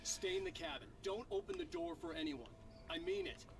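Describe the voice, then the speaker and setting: Brief: a gravelly, husky game hero, weary and brooding. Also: male voice, high-pitched, wildly swooping pitch, fairly quick, exaggerated voice. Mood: urgent.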